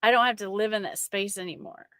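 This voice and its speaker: A middle-aged woman sharing a personal faith testimony with an online audience, emotional and halting, often restarting her sentences. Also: mid-range voice, steady tone, pushed and bright, dry recording, clean studio sound.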